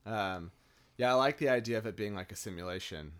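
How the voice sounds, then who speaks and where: Brief: man with a very low voice, halting casual talk. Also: clear, resonant tone. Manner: hesitant, searching for words. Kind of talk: casual film discussion.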